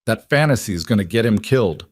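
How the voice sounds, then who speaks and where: A cold crime boss, voiced by a man, in a dry, close recording. He speaks low and measured, every word a quiet threat in a dark audio drama. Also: lively intonation, no room sound. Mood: cold menace. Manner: measured, menacing.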